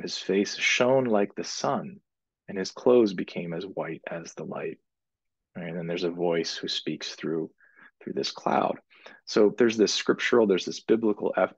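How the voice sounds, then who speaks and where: Deep husky guy lecturing off slides, lots of ums, dry dull lo-fi sound. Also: dry recording. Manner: halting, many ums and restarts.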